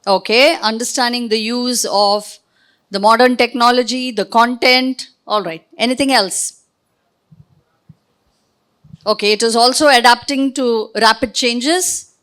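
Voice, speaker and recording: Brief: woman trainer, high bright voice, brisk directive questions to the room, speaking at a podium mic. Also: steady tone, clear, resonant tone. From India. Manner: directive, quizzing the audience with quick questions. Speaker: workshop trainer. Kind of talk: interactive training session. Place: training room with a live audience. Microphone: podium microphone.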